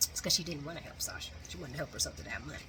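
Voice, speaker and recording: A woman giving a lively, casual recap of a soap opera, laughing often and acting out the characters' lines. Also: low-pitched, very fast, a little hiss or hum. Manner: animated, laughs often, acts out quotes.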